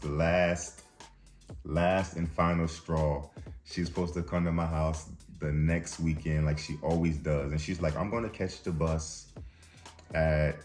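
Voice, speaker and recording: A man's voice: sits low, darkish tone. A young man hosting a vlog, telling a story casually and acting out what people said, now and then laughing at his own story. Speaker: vlog host.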